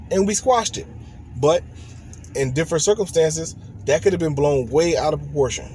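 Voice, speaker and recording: A man's voice: fairly high pitch, normal speed, a little mellow, slight background noise. A man vlogging relationship advice in an earnest, rambling, conversational way. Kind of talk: casual direct-to-camera talk.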